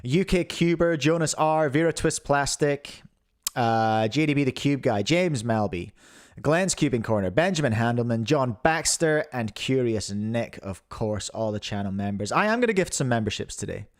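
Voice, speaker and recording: A man's voice: medium pitch, expressive, moderate pace. A man with a New Zealand accent hosts a casual live podcast stream, chatting and jokily greeting viewers by name. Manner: chatty, jokey, reads out chat names. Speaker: podcast host.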